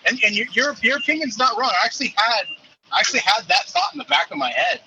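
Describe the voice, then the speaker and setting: A man's voice: extremely high pitch, very animated, fast, sharp tone, highs cut off, slight background noise. A man calling in as the show's movie reviewer, talking casually and stumbling over repeated words, with some swearing. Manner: hesitant, repeats words, profane. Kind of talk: casual call-in chat.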